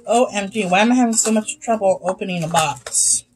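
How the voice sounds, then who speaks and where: A woman's voice: medium pitch, fairly quick, a little hiss or hum, poor audio. A young woman chatting casually as she tastes and rates snacks, sometimes talking with her mouth full. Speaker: YouTube host. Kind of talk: casual snack review vlog.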